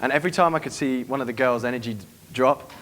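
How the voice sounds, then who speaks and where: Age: adult. Sex: man. Pace: fast. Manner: brisk, swearing. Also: mid-range voice, fairly bright tone. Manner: brisk, swearing, acts out club scenes. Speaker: dating coach giving a seminar. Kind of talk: live seminar talk to an audience. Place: room with a live audience.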